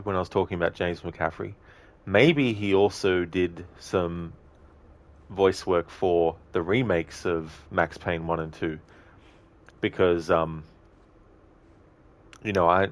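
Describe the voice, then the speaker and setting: Low voiced guy streaming a game, rambling along, thinking out loud. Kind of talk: casual commentary while gaming.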